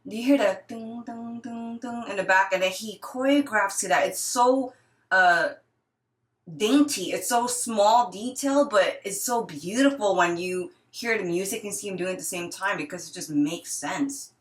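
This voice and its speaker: Excitable woman reacting in a roomy space. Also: medium pitch, normal speed. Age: 30s. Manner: excitable, gasping exclamations and rambling asides. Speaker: retired dancer reviewing dance performances. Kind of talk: casual reaction commentary.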